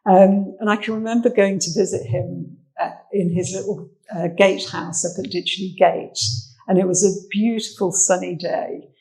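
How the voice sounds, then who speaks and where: A woman's voice: mid-range voice, steady tone, normal speed, warm tone, rough recording. An English woman, a social history researcher, giving a chatty, anecdotal armchair talk about old photographs, with fillers. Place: indoor talk venue.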